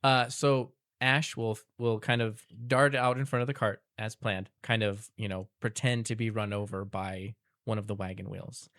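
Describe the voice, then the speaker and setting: A player in a tabletop game, describing actions in a relaxed, hesitant way with frequent fillers. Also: medium pitch, normal speed, few pauses, no echo, studio quality. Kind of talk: casual tabletop play.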